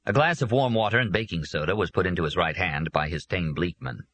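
A man narrating an audiobook in a very deep, husky voice. His tone is bright and forceful despite the low pitch. The recording is close and dry. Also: fairly quick, few pauses, no room sound. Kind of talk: scripted narration.

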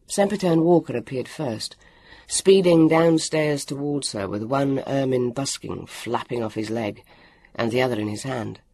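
A man reading a storybook aloud, with a lively, expressive delivery and acted voices. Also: mid-range voice, unhurried, dry recording. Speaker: audiobook narrator. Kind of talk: storybook narration.

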